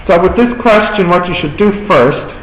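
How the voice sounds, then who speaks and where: A man's voice: high-pitched, lively intonation, normal speed, a bit bright, highs cut off. A male maths tutor with an Irish accent, patiently explaining step by step to a class. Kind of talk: classroom teaching. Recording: echoey classroom, faint background noise.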